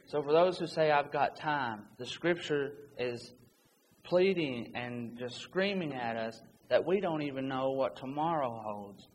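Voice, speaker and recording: A man delivers an earnest, urgent sermon, reading scripture aloud between his own points. His voice sits at a middle pitch and rings with a long reverb from a church hall, over a faint background hiss. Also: lively intonation, a little slow. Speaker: preacher.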